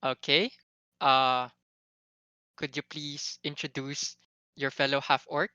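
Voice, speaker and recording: Game master for an online tabletop game; slow, hesitant, clear voice. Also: mid-range voice, little pitch movement, bright, forceful tone, no room sound, highs cut off.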